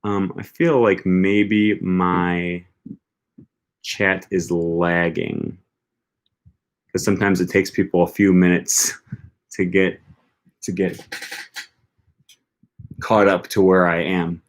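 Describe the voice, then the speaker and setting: Hosting a language-learning channel, this man answers viewer questions on a livestream in a casual, rambling manner full of hesitant fillers. His voice is deep and flat, slow, with frequent pauses.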